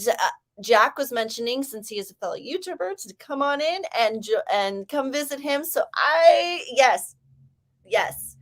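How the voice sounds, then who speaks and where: A woman's voice: on the high side, a bit bright. A young woman from San Diego chatting casually with live viewers during a writing sprint stream, rambling and reading out comments. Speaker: livestream host.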